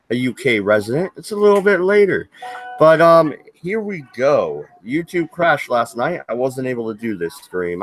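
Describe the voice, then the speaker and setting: A man's voice: medium pitch, fairly bright tone. A man hosting a livestream, ranting angrily and swearing heavily. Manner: heated, profane, swearing often. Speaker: livestream host. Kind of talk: angry livestream rant.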